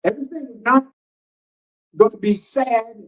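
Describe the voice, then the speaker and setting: A man's voice: extremely high pitch, normal speed, poor audio. A man minister preaching emphatically and firing rhetorical questions, reading passages aloud and explaining them. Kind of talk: radio teaching sermon.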